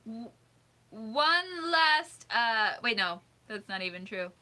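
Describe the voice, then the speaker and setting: A woman's voice: fairly high pitch, sing-song, slow, pushed and bright. A woman hosting a casual livestream, reading out suggestions, giggling often and thinking aloud as she second-guesses pronunciations. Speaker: livestream host.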